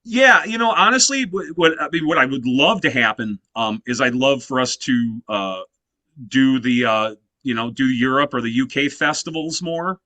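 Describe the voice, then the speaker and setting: Animated storytelling man in his fifties. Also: medium pitch, moderate pace, no room sound. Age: 50s. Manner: animated storyteller, heavy use of "you know" fillers. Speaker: guest musician. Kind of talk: casual interview chat.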